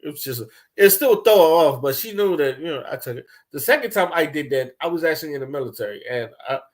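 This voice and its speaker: A young man ranting casually, telling loose, profane stories with lots of laughter and swings between loud bursts and low mumbles. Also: expressive, quick pace. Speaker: commentator. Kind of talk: casual rant.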